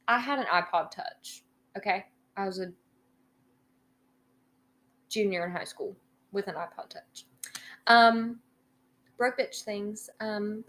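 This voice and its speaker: Young woman, podcast co-host, casual storytelling, rambling with fillers, swears freely, voice of middling pitch for a woman. Her talk wanders and restarts mid-sentence. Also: fairly bright tone. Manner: rambling, many ums and likes, swears freely.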